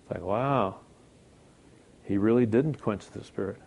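A man's voice: lowish voice, measured pace, vocal fry, a little mellow. Man preaching in a conversational way. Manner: conversational preaching, rhetorical check-ins. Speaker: pastor. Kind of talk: sermon.

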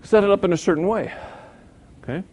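Male preacher, gravelly, conversational delivery with sudden loud emphasis and acted-out quotes. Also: high-pitched, animated, a little fast. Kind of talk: sermon.

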